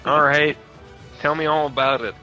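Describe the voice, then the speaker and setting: A man running a tabletop mech game as game master, casual and quick to laugh and swear. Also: on the high side, steady tone, pushed and bright, muffled recording, soft background music.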